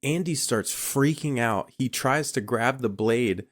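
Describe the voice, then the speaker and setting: A man's voice: mid-range voice, measured pace. A man co-hosting a podcast, recapping a horror film in loose, profane chat full of fillers. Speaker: podcast co-host.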